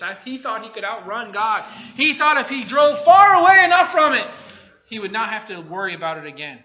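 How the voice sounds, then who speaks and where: A man preaching a sermon, swinging between quiet asides and loud shouted bursts. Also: sits high, sing-song, a little fast. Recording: dull lo-fi recording.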